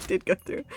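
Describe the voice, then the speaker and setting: A woman's voice: sits high, a little mellow. Woman streamer, casual rambling chat, playful and self-deprecating. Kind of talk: casual chat while gaming.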